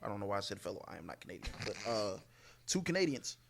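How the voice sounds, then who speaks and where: A man's voice: lowish voice, very animated, fast talker, gravelly, slight background noise. A man co-hosting a podcast, giving casual wrestling predictions with hesitant fillers and joking asides. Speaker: podcast co-host.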